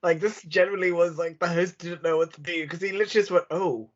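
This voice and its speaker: A woman's voice: lowish voice, fast talker, lo-fi sound. A woman co-hosting a podcast, chatting casually with lots of laughter and acted-out quotes. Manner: giggly, animated, acts out quotes. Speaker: podcast co-host. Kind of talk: casual chat.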